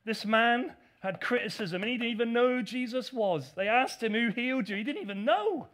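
A man preaching a sermon as pastor, animated and acting out the voices of critics. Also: very high-pitched, moderate pace.

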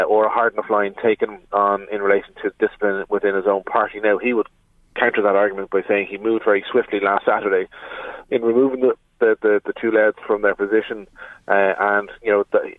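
A man's voice: lowish voice, no room sound. A man with an Irish accent, a political editor speaking down a phone line on a radio show, explaining steadily with many fillers and restarts.

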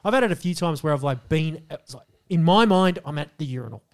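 Man, podcast co-host, casual chat, storyteller, a bit higher-pitched. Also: fast talker. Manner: animated storytelling, acts out scenes.

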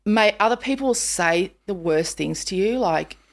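A woman hosting a chatty podcast. Her voice sits at an ordinary pitch, and she talks emphatically and keeps leaning into her points. She drops to a hush for quoted asides. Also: expressive, moderate pace. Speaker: podcast host. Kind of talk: casual chat.

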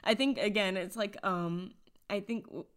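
A young woman chats on a casual podcast in a mid-pitched voice. She laughs easily and loops back over her words as she thinks. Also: normal speed, clean tone. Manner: chatty, laughs often, rambling restarts.

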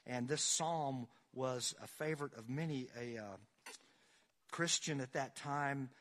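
A man's voice: medium pitch, a little slow, a bit bright. A man preaching a sermon, reading scripture aloud with rising dramatic force and asking the congregation questions. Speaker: pastor.

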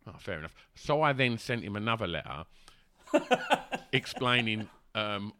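A man's voice: fairly low pitch, big pitch swings, a little slow, bright, forceful tone, slight background noise. A man telling a long casual story, rambling with fillers and restarts and laughing as he goes. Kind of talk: casual anecdote.

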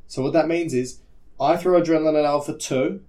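A man's voice: a little high, fairly quick, dark tone. A man co-hosting an educational podcast, explaining topics step by step and checking that his partner follows. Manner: explanatory, stops to check understanding. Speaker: co-host.

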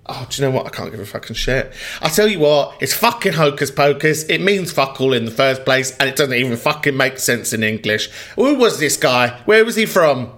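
Lively, sweary man hosting a podcast. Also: medium pitch, a little fast. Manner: animated, ranting, swears freely. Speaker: podcast host. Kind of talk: casual sweary chat.

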